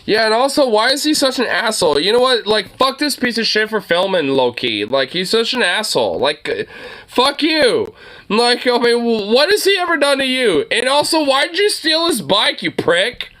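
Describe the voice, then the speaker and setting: Animated, profane young man ranting. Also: very high-pitched, normal speed. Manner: profane, rambling, stammering restarts. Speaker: streamer reacting to a video. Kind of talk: casual reaction commentary.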